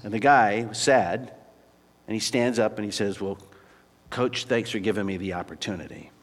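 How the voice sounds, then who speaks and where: A male pastor giving a sermon, telling a story and then praying quietly and earnestly. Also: medium pitch, husky. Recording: long hall reverb.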